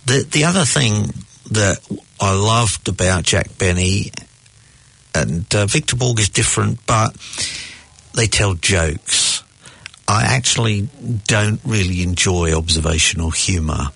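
A man in a casual debate about comedy, talking slowly and deliberately, telling jokes with voiced characters. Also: on the low side, gravelly, a bit bright, breathy edge, no room sound.

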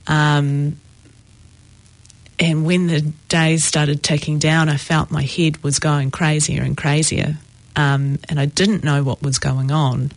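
A woman telling her own recovery story in a reflective, halting way with many pauses. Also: low voice, flat delivery, no echo. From New Zealand. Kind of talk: personal testimony.

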